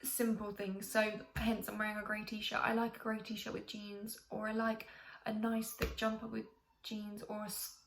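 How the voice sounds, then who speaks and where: A woman's voice: medium pitch, completely flat delivery, normal speed, creaky. A young woman from the UK chatting casually to camera as a vlogger, rambling with many ums and restarts. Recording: echoey room, faint hiss.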